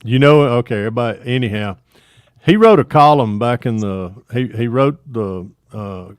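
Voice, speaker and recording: A man's voice: mid-range voice, lively intonation, moderate pace, smooth, dry recording. Southern man telling a rambling joke. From Atlanta, Georgia area. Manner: rambling, laughs through his jokes. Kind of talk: casual storytelling chat.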